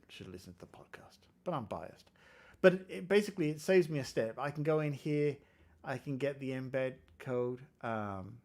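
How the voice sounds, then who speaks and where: With a mid-range, darkish voice, this English livestream host codes live in a casual setting. He's talkative and self-mocking, joking about his code and reading out what viewers write in the chat.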